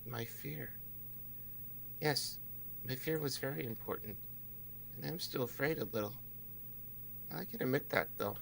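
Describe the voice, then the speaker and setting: A man doing a hushed gravelly figure. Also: mid-range voice, measured pace, pauses often, slight background noise. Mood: hushed, calm. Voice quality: hushed and distant. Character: soft-spoken mysterious male illusion.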